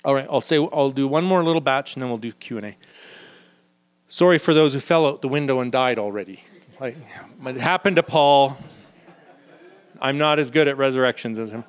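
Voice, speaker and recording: A man giving a live Bible teaching to a group in a room, lively and acting out the people he quotes. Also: a little fast, pauses often, clean tone. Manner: lively, acts out quoted figures with sudden pitch jumps.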